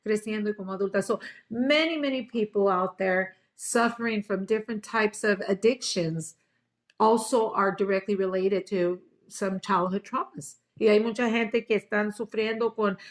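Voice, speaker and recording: Woman instructor, bilingual class talk, switches languages mid-thought, casual restarts. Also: medium pitch. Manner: switches between English and Spanish, with fillers and restarts. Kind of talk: bilingual class talk, English then Spanish.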